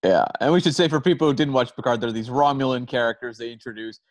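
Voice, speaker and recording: A man co-hosting a podcast, explaining in measured casual chat. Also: mid-range voice, no room sound. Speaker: podcast co-host.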